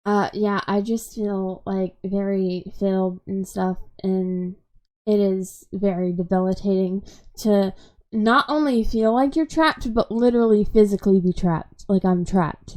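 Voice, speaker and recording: Brief: woman in her twenties, mid-pitch, upset vlogger rambling with constant "like" fillers and sarcasm. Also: fairly even intonation, slow, darkish tone. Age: 20s. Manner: rambling, heavy use of "like" fillers. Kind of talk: unscripted emotional venting.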